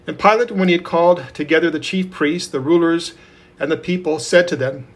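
A man reading scripture aloud in a steady, measured way. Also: fairly high pitch. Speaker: scripture reader.

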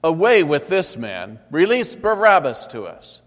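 A man shouting as an enraged crowd demanding death. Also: mid-range voice, unhurried, lightly acted. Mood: furious shouting. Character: crowd of priests and people, enraged. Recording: long hall reverb.

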